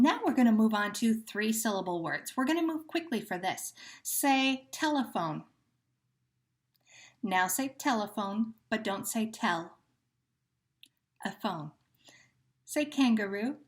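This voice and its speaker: A woman teacher leading a phonemic awareness drill, patient and carefully enunciating each syllable. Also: mid-range voice.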